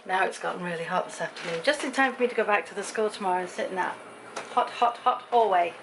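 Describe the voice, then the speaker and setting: A woman's voice: mid-range voice, fast, vocal fry, noisy background. Chatty woman rambling on. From Britain. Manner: chatty, rambling storyteller acting out quoted voices. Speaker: vlogger. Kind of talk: casual chatty vlog. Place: home.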